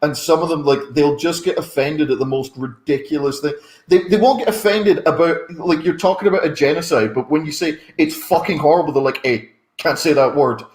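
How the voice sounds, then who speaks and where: Animated man in a roomy space. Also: fairly high pitch, fairly quick. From Ireland. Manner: animated, laughing, opinionated. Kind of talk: casual podcast chat.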